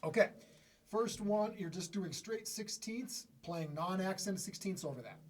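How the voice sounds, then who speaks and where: A man giving a casual drum lesson in a relaxed, conversational way, often pausing to clear his throat. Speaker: drum teacher. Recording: drum kit playing loudly around the talk. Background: snare, bass drum and hi-hat played by the speaker.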